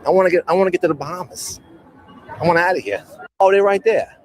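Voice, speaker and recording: A man with a Brooklyn accent, speaking loudly and easily in an airport clip. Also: high-pitched, fast, slight background noise. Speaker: traveler in viral airport clip.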